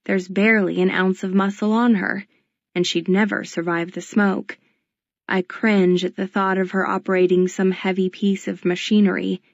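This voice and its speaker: A woman narrating a novel in the first person, in a quiet, measured, introspective way. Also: mid-range voice, gravelly, no room sound, highs cut off. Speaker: audiobook narrator.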